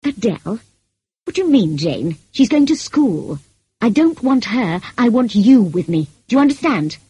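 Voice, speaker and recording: A brooding, passionate middle-aged gentleman, read by a woman with a low, husky, very breathy voice. He speaks intensely and pleads, warm and mellow in tone, recorded dry and close. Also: moderate pace, no echo, low-quality recording. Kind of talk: audiobook character reading.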